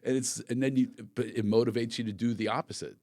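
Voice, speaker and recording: Middle-aged man, comedian guest, acts out people in his stories, medium pitch, dry close mic. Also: fast talker, no echo. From Philadelphia area. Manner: animated, acts out voices in anecdotes. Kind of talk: storytelling interview.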